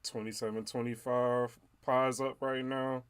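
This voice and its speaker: Curious man asking questions on a casual watch-along, mid-pitched, dry close sound. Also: little pitch movement, a little slow, clear, resonant tone, no room sound.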